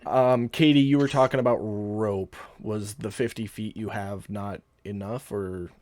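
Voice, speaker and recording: A man narrating as game master in a tabletop game, calm and matter-of-fact. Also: lowish voice, unhurried, no echo.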